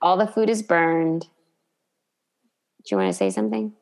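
A woman's voice: fairly low pitch, moderate pace, gravelly. A woman in casual chat, co-hosting, telling a story animatedly. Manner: animated storyteller who acts out quotes. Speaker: podcast co-host. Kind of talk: casual chat recapping a sitcom.

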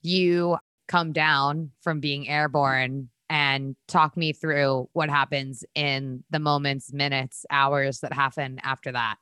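A woman interviewer asking a question in a slow, measured way. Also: very deep voice, level tone, sharp tone, clear, resonant tone, no room sound, clean studio sound.

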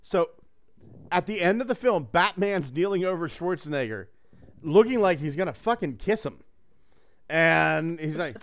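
A man chats casually on a podcast, rambling and joking and swearing freely. His voice sits a little higher than most men's. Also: lively intonation, unhurried, pauses often, fairly bright tone. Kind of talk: casual chat.

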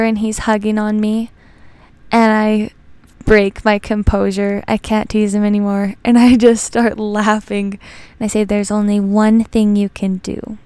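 A woman's voice: mid-range voice, a little mellow, clear, resonant tone, no echo. A young adult woman hosting a podcast, chatting casually and telling rambling personal stories. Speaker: podcast host. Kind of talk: casual chat.

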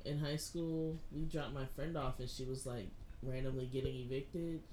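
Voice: medium pitch, normal speed, slight background noise. A speaker telling a random story in a casual group chat. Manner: expressive storytelling.

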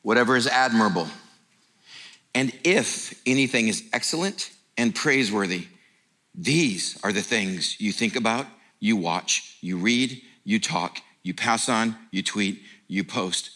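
A middle-aged male pastor preaching a sermon in an emphatic, animated way, breaking into laughing asides. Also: medium pitch, unhurried.

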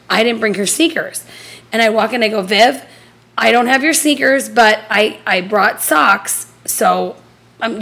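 A woman's voice: medium pitch, vocal fry. A woman in her thirties, a podcast co-host telling a casual story, acting out the dialogue with casual swearing. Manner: animated, acts out quoted dialogue.

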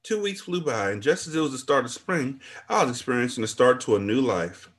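A man's voice: mid-range voice, animated, fairly quick, close to an everyday voice. A man reading a book aloud as its first-person narrator, an older woman looking back on her life with relief and regret.

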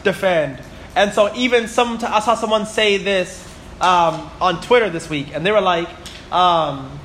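This Bible class teacher is a man in his twenties whose high-pitched, slightly bright voice moves a little slowly, with slight background noise behind him. He talks in a chatty way, tells lots of stories, and keeps checking in with "right?" and "you know?"

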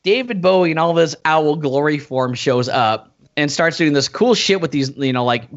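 Rambling high-voiced man chatting. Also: normal speed. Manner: rambling, animated retelling with restarts. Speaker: podcast co-host. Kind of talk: casual movie discussion. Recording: dull lo-fi sound.

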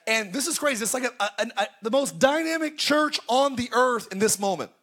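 A male pastor preaching a sermon at a church service, telling stories and breaking into shouted exclamations. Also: very high voice, lively intonation, brisk. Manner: storytelling, bursts into shouted exclamations.

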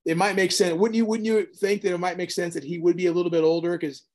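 A man, a pastor, casually discussing scripture on a podcast, thinking out loud and asking questions. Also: sits high, flat delivery, fast talker. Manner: inquisitive, thinks aloud with restarts. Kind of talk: casual Bible study chat.

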